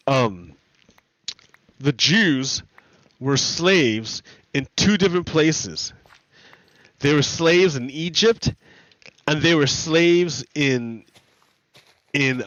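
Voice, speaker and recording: A man with a fairly high, somewhat bright voice is streaming, recorded dry with the highs cut off. He retells stories in a rambling, profane way, constantly restarting and correcting himself.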